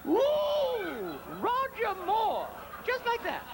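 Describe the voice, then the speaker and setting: A man puts on a grand, catty older queen with a very high, swooping voice that leaps far up and down. She speaks slowly and imperiously, savoring each barb. A faint hiss sits under this live stage recording. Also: wildly swooping pitch, heavily acted. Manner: grand, imperious, camp, with sudden drops into a low voice. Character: haughty aging female queen, grand and catty. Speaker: drag comedian. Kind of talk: stand-up drag impression.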